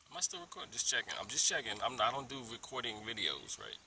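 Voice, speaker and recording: A man telling a story to a phone camera in a park, animated and dropping into whispered asides. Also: mid-range voice, fast talker, gravelly, hardly any pauses, a crowd in the background, poor audio. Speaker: vlogger. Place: outdoors in a park under a tree. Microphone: phone held at arm's length.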